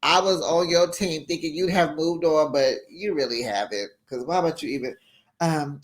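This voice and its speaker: A man's voice: fairly high pitch, a little slow. A man giving casual recap commentary on a reality show, sassy and chatty, laughing often between remarks. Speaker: host of a reality TV recap channel.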